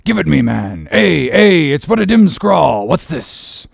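A stern old sea captain gives orders in a gruff, commanding voice, as a man reading the story does him. He drops into low mutters, and his sound is dry and close. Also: very animated, unhurried, no echo, full character voice. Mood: impatient.

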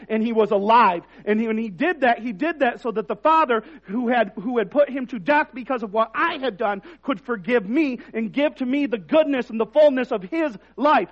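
A man's voice: extremely high pitch, lo-fi sound. A man preaching a sermon in a conversational, self-deprecating way that rises to emphatic points. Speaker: pastor.

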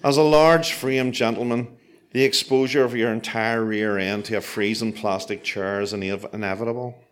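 Brief: man, lowish voice, dry deadpan storyteller, self-mocking comic timing. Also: moderate pace.

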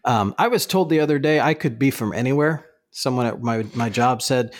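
Podcast guy, mid pitch, talks steady and careful, dry sound. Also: brisk, hardly any pauses, no echo. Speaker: podcast co-host. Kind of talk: casual chat.

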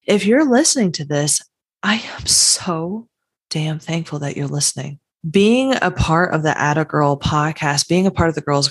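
A woman hosting a podcast, talking on her own in an earnest, heartfelt and emphatic way. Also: sits low. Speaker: podcast host. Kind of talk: solo podcast monologue.

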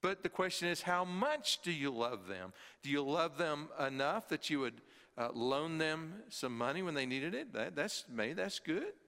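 A middle-aged man preaching a sermon as pastor, earnest, swinging from emphatic high peaks to quiet low drops. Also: big pitch swings, moderate pace. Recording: long hall reverb.

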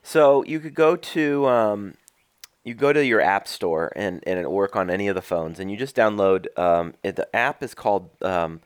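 A young man co-hosting a casual podcast from his studio apartment, laughing often and breaking into loud, excited bursts. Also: on the low side, moderate pace, smooth, no echo. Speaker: podcast co-host. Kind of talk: casual joking chat.

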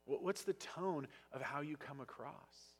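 A man preaching a sermon as pastor, passionate and sometimes loud, with a husky voice. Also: on the high side, unhurried. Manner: passionate, gets loud at times. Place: church sanctuary.

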